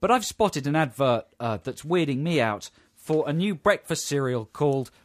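A British radio co-host banters playfully in a radio studio and breaks into silly impressions. Through the studio microphone, his fairly high, expressive voice sounds at normal speed with no room sound.

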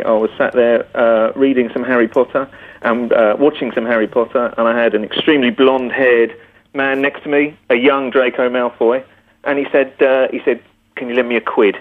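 A man's voice: mid-range voice, steady tone, normal speed. A man from the UK, a police officer, calling in to a radio show and playing along with mock indignation. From United Kingdom. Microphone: telephone. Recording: tinny phone line.

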